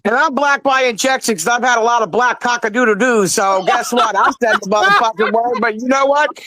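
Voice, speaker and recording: Brief: woman, high voice, cursing, confrontational panelist, dry sound. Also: brisk, a bit bright, no echo. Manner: profane and confrontational. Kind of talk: heated argument.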